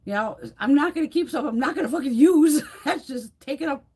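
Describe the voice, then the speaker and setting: A woman's voice: sits high, a little fast. A woman hosting a live beauty stream, chatting casually, swearing constantly and laughing often. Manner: swears constantly, blunt and animated; laughs often while talking. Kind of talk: casual chat during a live room tour.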